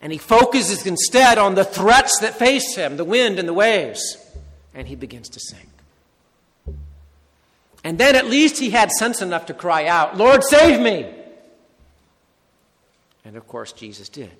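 A male preacher delivers a sermon in measured, emphatic phrases. His voice sits high and moves slowly. A long reverb trails his words. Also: very animated, a bit bright.

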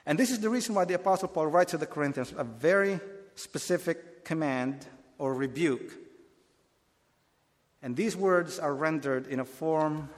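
A man's voice: fairly high pitch, normal speed, long reverb tail. A man preaching a Bible teaching sermon, earnest and explanatory, often restarting his phrases.

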